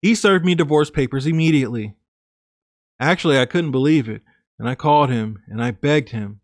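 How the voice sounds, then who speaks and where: A man's voice: medium pitch, a little fast, no room sound, studio quality. A man narrating a woman's confessional true story in the first person, in an earnest, plain scripted reading.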